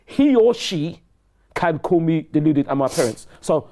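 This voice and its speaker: A man talking football on a casual chat show, excitable and repeating himself, laughing often. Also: fairly high pitch, measured pace, gravelly, slight background noise. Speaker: pundit.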